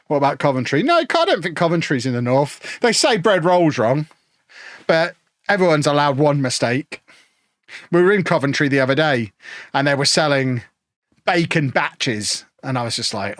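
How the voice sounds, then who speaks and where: A man's voice: fairly high pitch, sing-song, normal speed, fairly bright tone, dry recording. Chatty streamer man, dry close sound. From Peterborough, England. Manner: chatty, joking, answering chat. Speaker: livestreamer playing a football management game. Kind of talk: casual live-stream chat.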